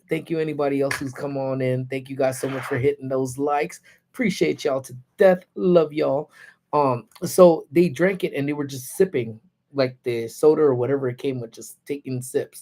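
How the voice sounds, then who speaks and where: Man host telling a story on a lunchtime livestream, laid-back and slangy, mid pitch. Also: steady tone, normal speed, warm tone. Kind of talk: casual storytelling. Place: parked car.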